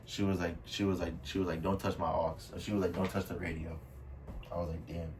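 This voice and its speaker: Low-pitched and dark-toned, this young vlogger speaks briskly with little movement in his pitch as he casually tells a storytime. He leans heavily on slang, repeating "bro" and "I was like." There's faint room noise from a somewhat distant mic.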